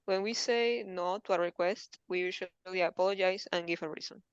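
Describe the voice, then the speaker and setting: Woman student reading out english exercises, smooth but creaky, slightly muffled dry audio. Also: lowish voice, fairly quick, no room sound. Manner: careful reading with hesitant fillers. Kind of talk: reading textbook aloud in a lesson.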